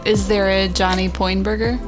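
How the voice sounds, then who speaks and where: A woman's voice: mid-range voice, little pitch movement, normal speed, over music. A woman co-hosting a podcast in casual chat, under the weather, teasing dryly. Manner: dry, teasing. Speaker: co-host.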